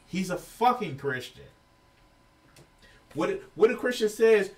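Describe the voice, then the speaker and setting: A man's voice: sits high, expressive, slow pace, pauses often, far from the mic. A man giving heated, profane reaction commentary as a video reviewer, exasperated and ranting.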